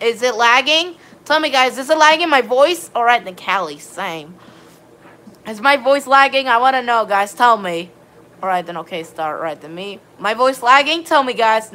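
Pushed and bright, her slightly high voice carries through a casual gaming live stream. She rambles on to viewers, greets them by name, and often repeats "all right, then" and "of course."

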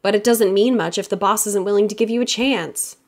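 A quiet young male designer, resigned and matter-of-fact, voiced by a woman reading an audiobook. The delivery stays close to her own voice. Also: mid-range voice, brisk, pitched above the performer's own voice, close to an everyday voice.

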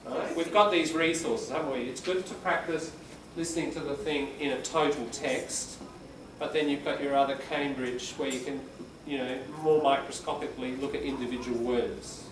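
A man's voice: medium pitch, fairly even intonation, moderate pace, hardly any pauses. Male English teacher, patient explainer, distant mic in a noisy classroom. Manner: explains patiently, demonstrates exaggerated stress by reading aloud. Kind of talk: classroom lesson. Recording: echoey room, far from the mic, background noise.

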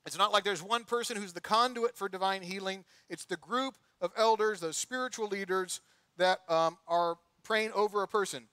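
A middle-aged male pastor preaches in a church with a notably high, bright voice. His delivery is conversational, mixing scripture with personal anecdotes. The sound is dry and close, with little room echo. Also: clear, resonant tone. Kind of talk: sermon. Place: church sanctuary.

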